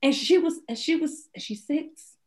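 A woman hosting a faith-based podcast conversation, talking casually and animatedly, often repeating words. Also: unhurried. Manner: animated, acts out her young daughter in a high voice. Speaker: podcast host.

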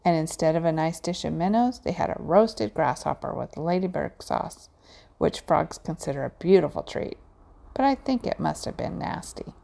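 A woman narrating a children's storybook aloud in a gentle, measured way. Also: deep voice, lively intonation, vocal fry.

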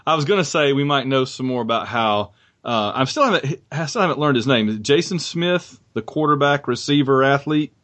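Man, podcast host, rambling casual sports talk, mid pitch. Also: animated, brisk, fairly bright tone. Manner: rambling, chatty, with restarts.

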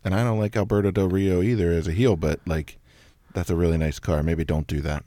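A man with a deep, low voice chats easily about wrestling, laughing often. The sound is dry and close-miked. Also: fairly even intonation, fairly quick, warm tone, dry recording. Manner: laid-back, giggly. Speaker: podcast co-host. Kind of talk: casual chat about wrestling.

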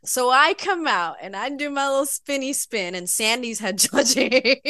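A woman guest on a podcast, telling an animated story with frequent laughter in a casual chat. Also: high voice, normal speed, no echo, studio quality. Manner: giggly, animated, laughs often. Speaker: podcast guest, bodybuilding pro.

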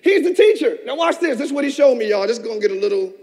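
A man pastor giving a passionate sermon, swinging between shouted peaks and hushed asides, recorded in a church. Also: very high-pitched, lively intonation, rapid-fire. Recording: long church reverb.

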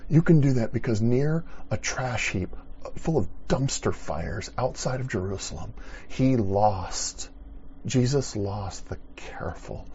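A middle-aged man preaching a sermon, conversational and playful, rising to loud dramatic bursts. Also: mid-range voice, lively intonation, a little slow, dull audio, a little hiss or hum. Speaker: pastor.

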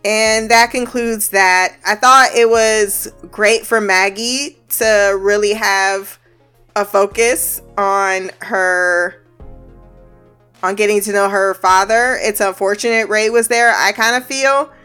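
Smooth-voiced woman recapping, blunt and profane. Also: mid-range voice, steady tone, slow pace, bright, forceful tone, faint music behind. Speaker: TV episode recapper. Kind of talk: casual episode recap.

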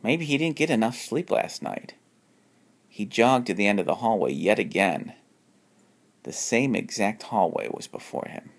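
A man reads a homemade spooky story in a deep, gravelly voice. He trips over words and restarts lines as he goes. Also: animated, normal speed. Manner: unpolished reading with frequent restarts; jumps up in pitch for characters' lines. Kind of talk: reading a homemade horror story aloud.

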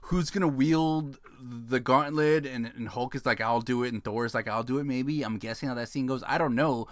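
A man's voice: mid-range voice, normal speed, no echo, clean studio sound. A man from San Antonio, co-hosting a casual movie podcast, ranting and swearing freely. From San Antonio, Texas. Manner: ranting, swearing, laughing between jokes. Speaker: podcast co-host. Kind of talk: casual profane movie chat.

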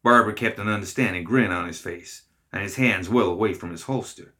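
A man narrates a story in measured, expressive reading. His voice is low and bright-edged, and it cuts cleanly through the telling. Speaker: reader.

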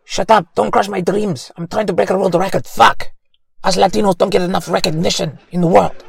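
A touchy young record-chaser snapping back at a friend, voice raised and a bit higher than normal, as a comedian puts him on. He sounds defensive and irritated. A comedy sketch voice. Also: steady tone, a little fast, gravelly, husky, no echo, exaggerated voice. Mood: snappy.

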